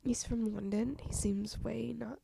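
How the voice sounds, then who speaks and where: A woman's voice: a little high, steady tone, unhurried, creaky, noisy background. A young woman hosting her own podcast, rambling in an offhand, self-mocking way as she chats alone. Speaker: podcast host. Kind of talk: casual solo chat.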